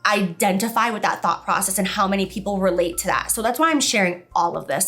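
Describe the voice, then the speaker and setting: A woman vlogger talking in a casual confessional way, emotional and expressive, her voice leaping up in pitch. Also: normal speed, few pauses. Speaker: beauty vlogger. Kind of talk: casual confessional vlog talk.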